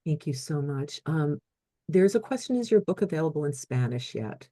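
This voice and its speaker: Woman host, mellow dark tone, gracious, loose with fillers, video call. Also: deep voice, animated, moderate pace. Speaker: host and moderator. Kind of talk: webinar wrap-up and thanks.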